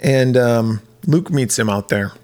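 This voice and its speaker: A man's voice: medium pitch, a little slow, a little mellow. Man, podcast co-host, casual movie recap, acts out characters' lines.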